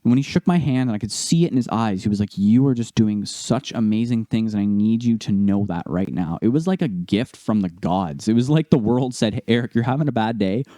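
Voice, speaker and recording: A young man co-hosts a casual podcast and tells a personal story in an animated way, acting out each person he quotes. His voice is low-pitched and mellow, recorded dry and close to the mic. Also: quick pace, few pauses, no echo. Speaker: podcast co-host.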